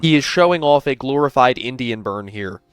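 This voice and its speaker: A man's voice: medium pitch, animated, normal speed, clear, resonant tone, no echo. A man narrating a commentary video, explaining at length and sounding incredulous.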